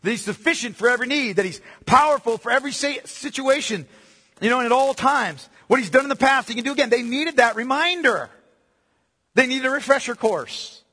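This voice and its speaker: A man preaching a sermon with a high, lively, bright voice that swoops from hushed lows to ringing peaks. His tone is a little husky, and the sound carries a long reverb from the sanctuary he speaks in. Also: fairly quick. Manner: animated preaching, addresses listeners as beloved, drops to hushed tones. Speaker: pastor.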